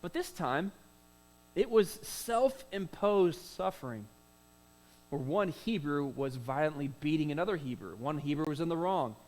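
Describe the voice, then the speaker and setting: A man's voice: a little high, animated, unhurried, darkish tone, poor audio. A man preaching a sermon as pastor, in a conversational way with rhetorical questions, "uh" fillers and repeated words.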